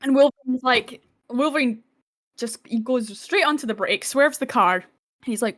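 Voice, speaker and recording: A woman with a fairly high voice chats casually on a podcast. She retells film scenes with excitement, swears freely and acts out the characters' lines. Her talk is loose and full of "like". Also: moderate pace. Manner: animated retelling, acting out quotes, swearing. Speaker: podcast co-host.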